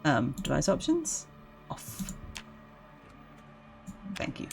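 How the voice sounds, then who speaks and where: Giggly woman streamer, lively low voice. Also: measured pace, pauses often, slightly rough, soft background music. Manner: giggly, chatty, talks to zombies. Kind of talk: casual gameplay commentary.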